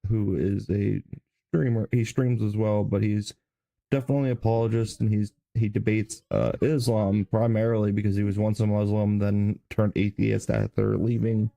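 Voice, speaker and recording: A man hosting a commentary show about video clips, speaking in a calm, measured, disapproving way. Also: lowish voice, vocal fry, no echo. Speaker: host.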